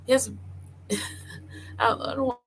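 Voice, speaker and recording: A woman vlogger talking casually as she browses online, thinking aloud with many pauses and fillers, and speaking directly to her viewers. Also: on the high side, steady tone, slight background noise, rough recording. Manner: addresses viewers informally.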